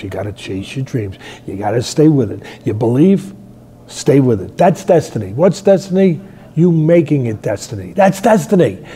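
Gravel-edged older man retelling fights. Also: on the high side. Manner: storytelling, acts out shouted quotes, rambling. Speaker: boxing trainer and show host. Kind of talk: animated fight analysis chat.

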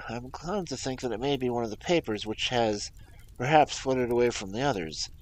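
A frightened young man , as a man reading a story voices him, tells his trouble in a worried, halting way. The pitch wanders expressively between low, heavy phrases and tenser rises. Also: slight background noise, lightly acted, rough recording. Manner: worried, halting, anxious retelling.

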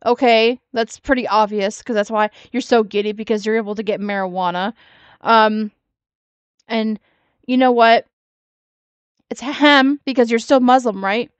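A woman with a slightly high voice delivers snarky reaction commentary. She mocks and scolds freely, with lots of restarts. The sound is close and dry. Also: fairly even intonation, normal speed, pauses often, clean tone, no echo. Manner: sassy, mocking. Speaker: commentary YouTuber.

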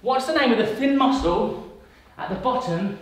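A man with a very high, lively voice speaks at a normal speed as a fitness coach leading a kids' workout with a quiz. Upbeat and encouraging, he calls out countdowns and cues between quiz questions. The room is very echoey and the mic sits far away.

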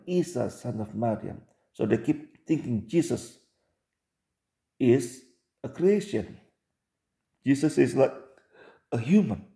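A man's voice: medium pitch, creaky, warm tone, reverberant. A man reading religious texts aloud and commenting on them, with emphatic repeats and rhetorical questions.

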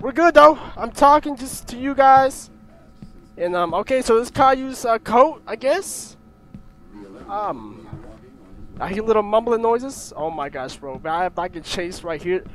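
Jumpy high-voiced young gamer guy. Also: fairly bright tone. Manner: nervous, jumpy, swearing, yelping at scares. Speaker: gaming YouTuber. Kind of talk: horror game commentary.

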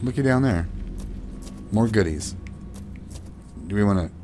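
A man commentating his own gameplay, panicking and swearing through fights, then calming down to chat. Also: fairly low pitch, a little slow, a little hiss or hum. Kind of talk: let's play commentary.

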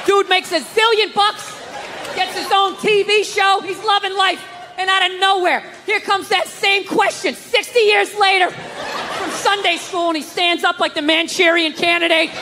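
Exasperated male stand-up, high-pitched rant, loud live crowd. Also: steady tone, moderate pace, big-room sound, noisy background. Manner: profane, exasperated, shouting bursts. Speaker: stand-up comedian. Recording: live stage with loud audience.

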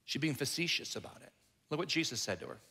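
Bright-voiced pastor preaching in a reverberant hall. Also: male voice, fairly high pitch, lively intonation, quick pace, breathy edge. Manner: conversational, joking, acts out the Bible characters. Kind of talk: sermon. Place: church sanctuary. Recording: echoey hall, long reverb.

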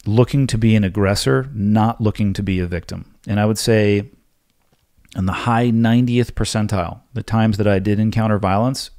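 A man with a fairly low voice hosts a solo podcast, answering listener questions in a blunt, forceful, lecturing way. His voice is recorded close and dry, with no room sound. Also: no echo. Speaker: podcast host.

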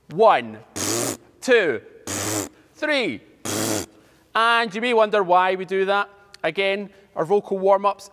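A man teaching an online drama class, guiding warm-ups with energetic instructions and frequent checks of "okay?". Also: sits high, long reverb tail.

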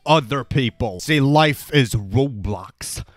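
A man's voice: medium pitch, lively intonation, slow pace, dry recording, clean studio sound, faint music behind. A young man giving sarcastic, rambling commentary over his own Roblox gameplay as a YouTuber. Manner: sarcastic, rambling, self-mocking.

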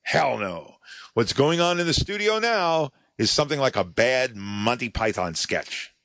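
A man's voice: mid-range voice, big pitch swings, measured pace, a bit bright, dry recording. A male podcast host delivering a scripted monologue as a sardonic, mocking storyteller.

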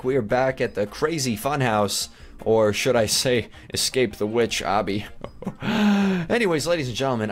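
A young man hosting a game video, giving jokey, animated play-by-play with sudden excited yelps. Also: medium pitch. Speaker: gaming video host. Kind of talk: casual game commentary.

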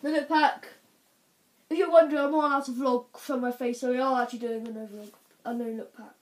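A teenage girl giving chatty, excitable commentary while opening game card packs at her computer. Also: a little high, quick pace. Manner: excitable, chatty, exclaiming over results. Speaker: vlogger. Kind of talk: casual pack-opening commentary.

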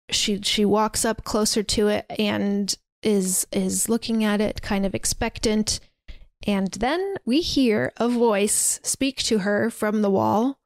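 A woman's voice: medium pitch, dry recording. A woman hosting a podcast, casually retelling a film scene by scene with lots of fillers. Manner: chatty, retells scenes with quoted dialogue and fillers. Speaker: podcast host. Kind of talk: casual movie recap.

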